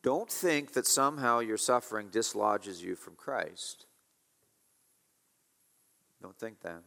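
A man preaching an expository sermon, emphatic, repeating key phrases and swinging between loud and hushed. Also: lowish voice, lively intonation, slow, vocal fry. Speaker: pastor. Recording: reverberant hall.

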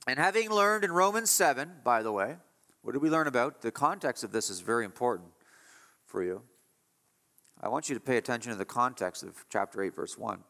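A man preaching a sermon as pastor, emphatic, moving between hushed passages and raised declarations. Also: mid-range voice, animated, brisk, creaky. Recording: long hall reverb.

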